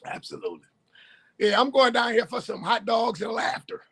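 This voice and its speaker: A man swapping stories on a sports livestream, laughing often and breaking into loud bursts. His voice is very high and bouncy, bright and husky. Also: big pitch swings, normal speed. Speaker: co-host. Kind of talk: casual sports talk. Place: livestream call.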